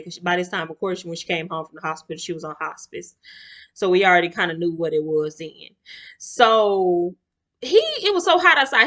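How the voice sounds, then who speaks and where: Animated woman telling a story. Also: fairly low pitch. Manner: animated, acts out relatives' voices, chatty with y'all asides. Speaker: vlogger. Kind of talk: storytime monologue to camera.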